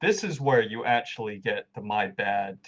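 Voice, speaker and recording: A man's voice: on the low side, animated, fairly bright tone. Easygoing man on a dull lo-fi mic. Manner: easygoing, agreeable, quick to laugh along. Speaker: podcast co-host. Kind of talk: casual game walkthrough chat.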